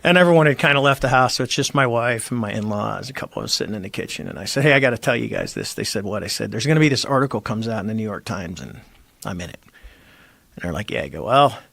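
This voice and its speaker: A man's voice: on the low side, rapid-fire, creaky, hardly any pauses, no room sound. A middle-aged man, a former Navy squadron commander, telling a story in casual conversation and acting out the quoted lines. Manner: animated storyteller, acts out quoted dialogue.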